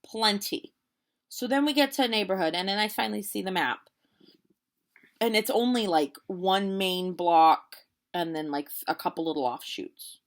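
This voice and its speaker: Woman, late 20s, vlogger, lively casual storyteller. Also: mid-range voice, normal speed. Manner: animated, chatty storytelling with quoted voices.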